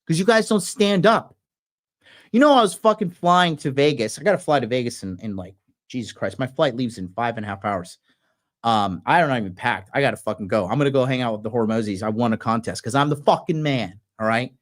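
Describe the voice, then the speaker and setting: A man's voice: mid-range voice, brisk. A man hosting a show, ranting aggressively with constant profanity. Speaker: podcast host. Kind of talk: ranting commentary.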